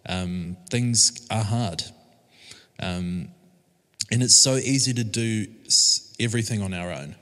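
A man's voice: lowish voice, slow, fairly bright tone. Hesitant man preaching in a reverberant church. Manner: casual, hesitant, many fillers and restarts. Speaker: church team member preaching. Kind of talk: informal sermon. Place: church service room. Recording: long reverb of a church hall.

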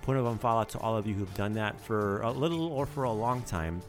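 A man's voice: fairly low pitch, a little fast, music in the background. A man hosting a casual podcast lesson, chatty and teasing as he teaches vocabulary and drops in foreign phrases.

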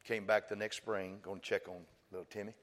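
A male pastor preaching a sermon, telling a story with quoted dialogue, slow and emphatic. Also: on the low side, flat delivery, long reverb tail. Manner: storytelling, builds to shouting climax.

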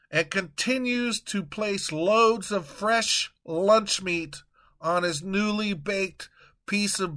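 Slow, bright-voiced male storyteller. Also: high voice. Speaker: podcast host and narrator. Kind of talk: storytelling narration.

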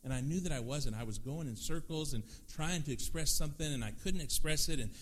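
A man preaching a sermon as pastor, lively and conversational, acting out prayers and quoted voices. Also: fairly high pitch, brisk, slight background noise.

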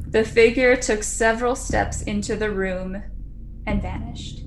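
A woman's voice: mid-range voice, steady tone, a little slow, soft background music. A woman casually telling a ghost story on a podcast, chatty and laughing now and then. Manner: chatty, laughs often, acts out quotes.

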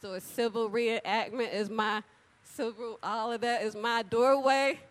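Animated, chatty woman preacher. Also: a little high, unhurried. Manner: animated, chatty, addresses crowd directly; acts out dialogue with big voice swings. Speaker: church speaker. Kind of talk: lively sermon with storytelling.

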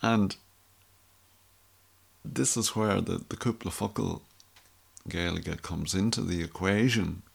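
A man's voice: deep voice, takes it slowly, creaky, pauses often, slightly rough. A middle-aged Irish man telling a rambling, wry story in a casual monologue. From Ireland. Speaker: vlogger.

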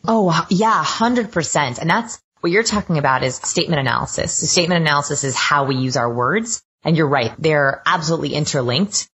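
A woman's voice: a bass voice, fairly bright tone, husky. A woman guest on a podcast interview, explaining research with eager enthusiasm. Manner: enthusiastic, self-described science geek. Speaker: guest expert.

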